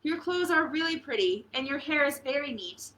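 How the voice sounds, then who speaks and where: A woman reading aloud and voicing a clever, bold young princess who flatters and outwits. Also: sits high, moderate pace, distant mic, a little hiss or hum, voice pushed up, rough recording. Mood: cutting. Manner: eager, flattering.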